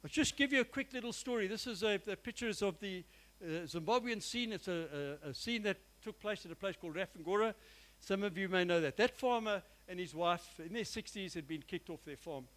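A man's voice: sits high, animated, brisk, fairly bright tone, rough recording. A man preaching a sermon in church, earnest and emphatic, often repeating his phrases and speaking straight to his listeners. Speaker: pastor.

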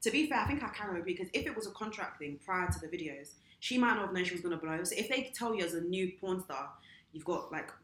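A young woman, chatting casually with friends and thinking aloud with quick questions. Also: lowish voice, expressive, a bit bright. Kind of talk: casual group chat. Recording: roomy echo.

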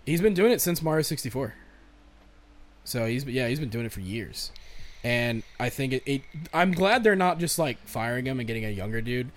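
A young man co-hosting a podcast, rambling excitedly about video games with lots of swearing and restarts. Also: mid-range voice, normal speed. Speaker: podcast co-host. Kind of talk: casual chat about games and movies.

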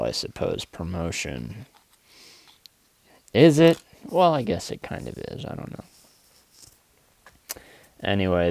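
A man hosting a poetry podcast from inside his car, talking in a halting, agitated, emotional ramble and reading his own poems. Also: deep voice, gravelly, a little mellow, no room sound. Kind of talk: rambling confessional monologue.

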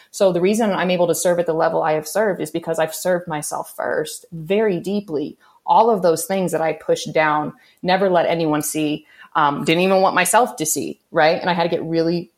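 A woman guest on a spiritual podcast, explaining her ideas in an earnest teaching tone and often checking in with "okay" and "right?". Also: fairly low pitch. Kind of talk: conversational podcast interview.

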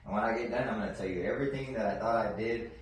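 Boxer-trainer guest, man, low-ish voice, rambling restarts; very echoey room, off-mic. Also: rapid-fire. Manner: animated storytelling with frequent restarts and repeated words. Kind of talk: casual podcast interview. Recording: very echoey room, distant mic, faint noise.

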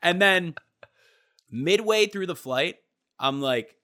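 A man's voice: high voice, expressive, takes it slowly, sharp tone. A young man in a casual chat, telling a travel story with lots of swearing and acting out the people he met.

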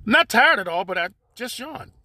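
A man's voice: very high-pitched, big pitch swings, moderate pace, pushed and bright, dry recording. A man hosting his own podcast, rambling and joking in loose slang straight to his listeners. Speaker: podcast host. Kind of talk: casual solo monologue.

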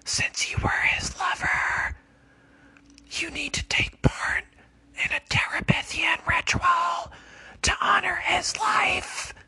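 A man voicing a menacing male snake leader in a high, whispered hiss. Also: steady tone, slow pace, bright, forceful tone, heavily acted. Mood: threatening.

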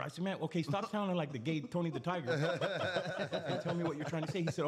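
A man's voice: on the high side, fairly quick, few pauses. A man telling his own stories as a guest on a casual podcast. He rambles, restarts with repeated words and laughs his way through, blunt and profane. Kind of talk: casual podcast chat, storytelling.

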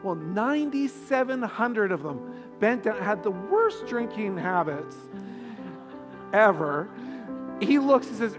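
High-voiced preacher in a reverberant hall. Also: male voice, animated, slow. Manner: earnest, storytelling preacher who repeats and restarts phrases. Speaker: pastor. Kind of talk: sermon. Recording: reverberant hall with music underneath.

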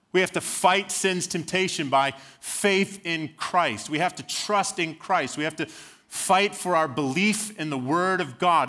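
A man's voice: fairly high pitch, bright, forceful tone. A man preaching a sermon as senior pastor, earnest, repeating words and rising into fervent pleading prayer.

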